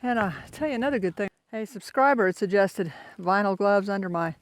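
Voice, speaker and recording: With a high-pitched voice and a brisk delivery, an older male hiker from Florida chats his way through a casual vlog on a foggy mountain trail, rambling and making fun of himself. A handheld phone captures it outdoors, faint background noise included.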